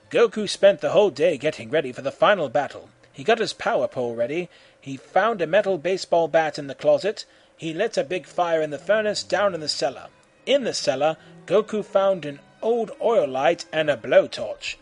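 Animated man reading a story aloud. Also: a little high, moderate pace. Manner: animated, acting out shouted voices.

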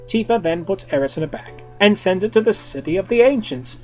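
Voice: medium pitch, animated, lo-fi sound, soft background music. A podcast host giving a theatrical, comic reading of fan fiction. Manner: theatrical, quick to switch voices.

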